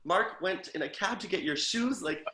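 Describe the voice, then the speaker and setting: A man's voice: high-pitched, lively intonation, normal speed, background noise. A man hosting a podcast interview, asking questions and recalling shared stories with fond enthusiasm and frequent laughter. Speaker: podcast host. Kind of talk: casual interview chat. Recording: echoey room.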